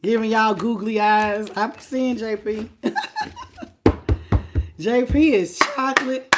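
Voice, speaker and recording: A woman with a hoarse, laryngitis-worn voice hosting a live tarot stream, chatting casually and familiarly with viewers and calling them baby and boo. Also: on the high side, steady tone, background noise. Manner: unhurried and chatty, laughing often.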